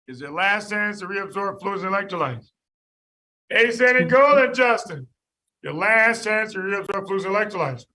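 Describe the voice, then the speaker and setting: A man lecturing a class on medicine, animated and jokey, quizzing students by name. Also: high-pitched. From United States.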